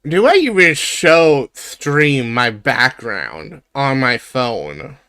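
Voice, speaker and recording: A man's voice: mid-range voice, sing-song, very slow, bright, forceful tone, clear, resonant tone, dry recording, studio quality. A young man streaming live, chatting casually, laughing a lot and brushing off his friend's teasing. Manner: laughs often, denies teasing with "bruh".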